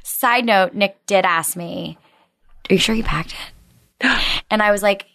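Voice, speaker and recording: A woman's voice: a little slow, gravelly, pauses often. A woman in her thirties, a podcast guest telling a story in casual chat and acting out what everyone said. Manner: animated storyteller, acts out quotes with big pitch jumps.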